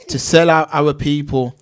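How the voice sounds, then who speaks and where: Stream host, man, slightly high voice, reads chat aloud in loose slang. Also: fairly even intonation, slow, smooth. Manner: reads out viewer names and comments, street slang. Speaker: livestream host reading chat. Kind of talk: casual livestream chat.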